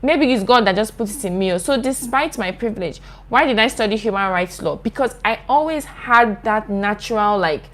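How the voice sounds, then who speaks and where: Reading out comments from viewers on her channel, a young YouTuber from Nigeria answers them with earnest, impassioned chattiness. She speaks at normal speed with hardly any pauses, in an animated, medium-pitched, fairly bright voice.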